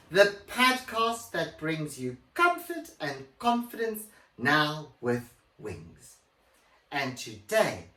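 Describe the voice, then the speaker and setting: A man's voice: on the high side, fairly bright tone, full character voice. A man doing a pompous grande dame. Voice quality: grand, theatrical, swooping delivery. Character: pompous posh older English woman podcaster. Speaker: podcast host character. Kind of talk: comedic character monologue. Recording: roomy, distant mic.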